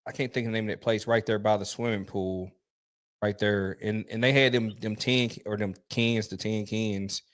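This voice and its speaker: A man's voice: on the low side, steady tone, moderate pace. A middle-aged man, chatting casually as a truck-driving podcast host, telling stories animatedly with restarts and laughs. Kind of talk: casual chat.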